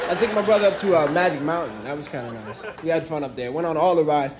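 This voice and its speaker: A young man from New York City works a comedy club crowd, his voice pitched fairly high for a man. He tells his stories in a relaxed, chatty way and jumps into acted voices for the punchlines. Loud crowd laughter and room noise sit behind him. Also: quick pace, few pauses. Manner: conversational joke telling with bursts of acted voices. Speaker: stand-up comic. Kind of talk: stand-up comedy set.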